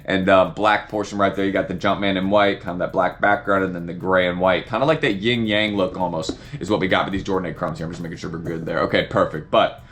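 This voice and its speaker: Fast-talking Southern sneaker vlogger. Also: male voice, low-pitched, fairly even intonation, fairly bright tone, slight background noise. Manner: rambling, upbeat, lots of fillers like "right?". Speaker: sneaker reviewer. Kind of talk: casual unboxing vlog.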